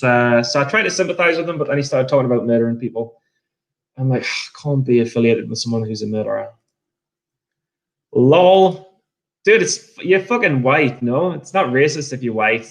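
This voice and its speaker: A man live-streaming his trading, chatting casually while drinking whiskey, rambling and swearing between jokes. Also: medium pitch. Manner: rambling, profane, joking. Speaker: day-trading livestreamer. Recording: roomy echo.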